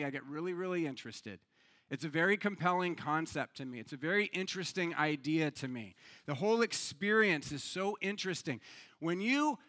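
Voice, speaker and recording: A man preaching a sermon as pastor, telling a joke story with rising energy and talking conversationally with some stumbles and repeats. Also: high voice. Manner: lively storyteller, builds to loud excitement in anecdotes.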